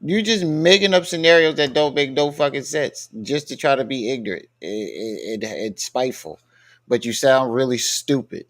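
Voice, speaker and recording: A man's voice: medium pitch, normal speed. Male streamer, blunt profane reaction commentary. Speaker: live-stream host reacting to clips. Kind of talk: casual live-stream commentary.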